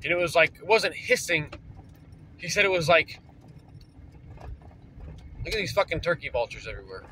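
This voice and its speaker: A man's voice: on the high side, very animated, normal speed, pauses often, pushed and bright, slight background noise, rough recording. A man telling a story casually, rambling and swearing, with lots of fillers, recorded in a parked vehicle. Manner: rambling, profane, full of fillers. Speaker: vlogger.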